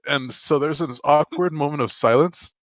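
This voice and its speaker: A man's voice: on the high side, moderate pace, no echo, muffled recording. Rambling young man telling a story. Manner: rambling storyteller, many fillers. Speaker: podcast co-host. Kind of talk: casual chat.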